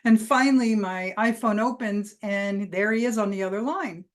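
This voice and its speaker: A woman speaking as a motivational keynote speaker, carrying the audience through a personal anecdote. Her delivery is lively and emphatic, with a voice at an ordinary middle pitch for a woman. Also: normal speed.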